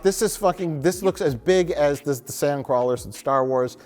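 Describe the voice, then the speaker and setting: A man's voice: on the high side, normal speed, a little mellow. A man co-hosting a casual, comedic movie chat, talking with enthusiasm and riffing on jokes. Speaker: co-host.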